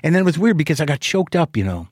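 A man's voice: fairly high pitch, sing-song, very fast, husky, no echo, clean studio sound. A middle-aged man hosting a podcast, telling a candid story in a rambling, profane way with lots of restarts. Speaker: podcast host. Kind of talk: casual monologue.

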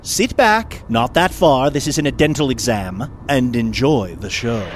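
A man's voice: medium pitch, expressive, measured pace. A man reading a comic podcast promo in a wry, mock-authoritative way. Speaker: promo announcer.

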